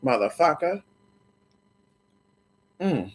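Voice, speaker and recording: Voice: mid-range voice, extremely slow, breathy edge. A livestream host chatting casually with viewers, sassy and profane, calling them honey and girl, and slipping into quoted voices. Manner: animated, breaks into quoted voices.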